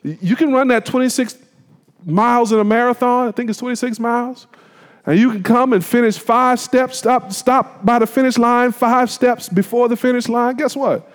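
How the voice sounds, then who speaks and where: Here a male pastor preaches in an extremely high voice, keeping his tone steady and his pace moderate. He stays colloquial and emphatic, posing rhetorical questions to those gathered, while the hall adds a long reverb.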